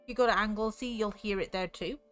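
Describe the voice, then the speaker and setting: A woman's voice: mid-range voice, fast, faint music behind. A woman from north Wales with a North Welsh accent, chatting casually on stream in a rambling way, full of fillers. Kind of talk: casual chat.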